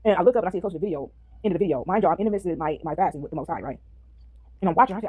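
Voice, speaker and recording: A woman's voice: lowish voice, expressive, racing, pauses often, dark tone, slightly rough, no room sound. A woman vlogging casually while eating, chatting with her viewers and breaking into bits of song. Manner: chatty, addresses viewers as y'all, sings snippets. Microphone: phone.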